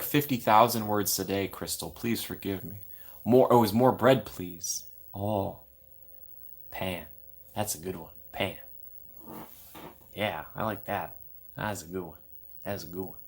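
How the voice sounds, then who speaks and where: Deep-voiced and a little bright, a young man hosts an informal home live stream. He reads chat aloud and keeps things playful by poking fun at himself.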